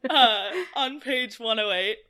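A woman co-hosts a casual book-discussion podcast. She talks in a sarcastic, joking way. Her voice has a bright, crisp edge. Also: a little high, slow. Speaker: podcast co-host.

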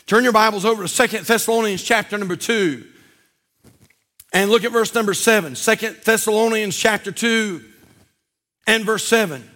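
A man preaching a sermon as pastor at a church service, emphatic and repetitive, often dropping to a low intense voice for emphasis. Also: normal speed, pauses often, bright, forceful tone.

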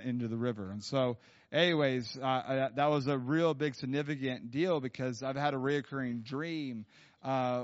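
A man preaching a sermon in a casual, rambling storytelling way, full of fillers and restarts, in a church. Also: mid-range voice. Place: church hall. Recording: dull sound with long hall reverb.

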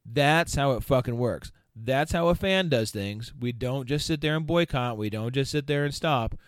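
A man's voice: mid-range voice, moderate pace, clear, resonant tone, no room sound, studio quality. A man hosting a podcast, ranting heatedly with a lot of profanity. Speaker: podcast host. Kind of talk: casual podcast rant.

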